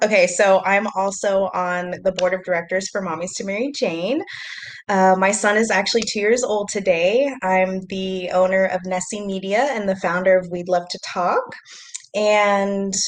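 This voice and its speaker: A woman giving a brief, offhand introduction on a casual online panel. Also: medium pitch. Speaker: panelist, media business owner. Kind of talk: casual panel chat on a video call. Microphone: video call.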